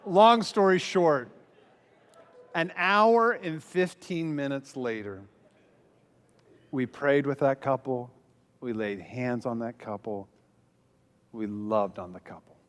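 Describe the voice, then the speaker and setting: Speaking slowly and pausing often, a medium-pitched male pastor addresses a conference audience in a large hall. He tells an energetic story, dramatizing the words he quotes, and the room's long reverb is audible.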